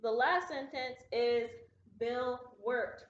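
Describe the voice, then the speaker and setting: A woman teacher giving a recorded grammar lesson to students at home, patient and deliberate, slowing down to model example sentences. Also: a little high, slight background noise. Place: classroom. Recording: echoey room, dull lo-fi sound.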